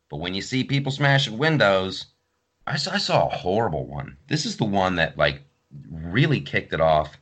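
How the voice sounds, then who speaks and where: Lively low-voiced male podcast host. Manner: animated storytelling, acts out quotes. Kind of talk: casual podcast chat.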